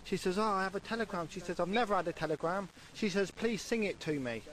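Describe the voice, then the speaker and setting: A man's voice: high voice, quick pace, fairly bright tone, rough recording. A man with a Scottish accent telling jokes on a radio phone-in, cheerfully laughing at his own punchlines. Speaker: joke-telling caller.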